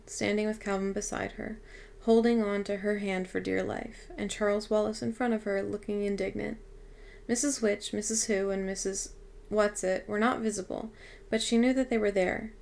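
Woman reader with a heavily gravelly voice, steady audiobook narration. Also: mid-range voice. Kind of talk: audiobook reading.

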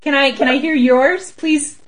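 High-pitched woman, playful, bawdy, casual comedy chat. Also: fairly even intonation, measured pace. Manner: playful, bawdy, laughs often. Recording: voice recording.

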